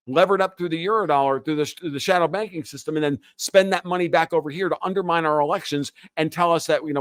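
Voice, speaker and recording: A man with a somewhat high voice holds forth as a podcast guest in a heated, opinionated rant. He swears freely and turns sarcastic. The sound is dry and close, with no room echo. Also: a bit bright. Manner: ranting, profane, sarcastic. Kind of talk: heated opinionated interview talk.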